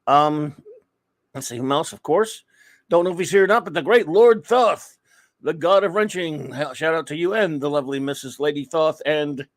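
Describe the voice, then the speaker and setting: A man hosting a live comics talk show, chatting casually and rambling through friendly shout-outs to viewers in the chat. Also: a little high, no echo. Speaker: podcast host.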